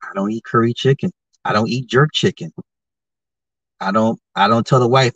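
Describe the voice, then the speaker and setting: A man hosting a podcast, giving confrontational social commentary and firing off rhetorical questions, his voice jumping high when he gets heated. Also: moderate pace, fairly bright tone, no echo. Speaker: podcast host. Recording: dull lo-fi podcast mic, dry.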